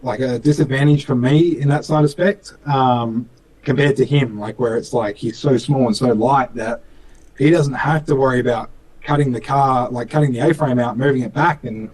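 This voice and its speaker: A man's voice: mid-range voice, normal speed, a little mellow, husky, poor audio. A young man with an Australian accent talks casually about racing, his voice sitting in a middle register. He rambles with fillers and restarts and slips into acted-out quotes of other people. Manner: chatty, lots of fillers and restarts, acts out dialogue. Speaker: speedcar driver. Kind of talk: casual interview chat.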